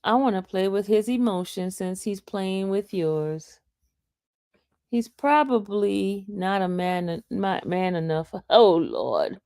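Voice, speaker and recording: Female livestream host, gravelly, slow delivery, teasing chat. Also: medium pitch, expressive, mellow, dry recording, studio quality. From New York. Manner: taunting, reading chat comments aloud.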